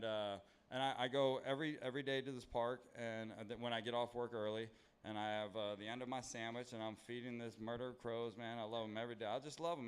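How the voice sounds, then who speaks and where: Stand-up comic, man, 30s, from LA: crisp, resonant voice at a middle pitch, loose and profane, self-mocking crowd work. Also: a bit bright. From Los Angeles, USA. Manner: rambling, profane, self-deprecating. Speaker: stand-up comedian. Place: comedy club stage with live audience.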